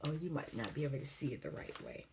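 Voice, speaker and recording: Woman, low voice, casual tarot reader at home, chatty and unhurried, faint noise behind. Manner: relaxed, chatty, thinks aloud, reads card text slowly. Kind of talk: casual spoken tarot reading.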